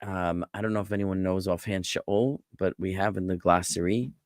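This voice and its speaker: A man, a rabbi, giving a relaxed online class on Biblical Hebrew, explaining words patiently and wandering off into asides. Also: sits low, normal speed, no echo, studio quality. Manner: relaxed, explanatory, digressive with fillers.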